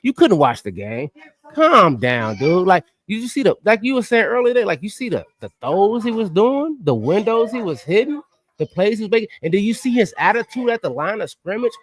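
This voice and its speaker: A man hosting a casual sports podcast, animated and emphatic as he talks. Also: high voice, normal speed, dry recording. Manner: animated and emphatic, slips into impressions. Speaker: podcast host.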